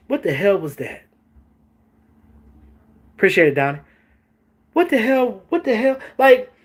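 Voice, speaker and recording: A man hosting a casual sports talk stream, animated, joking and swearing as he reacts to chat. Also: fairly high pitch. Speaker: host.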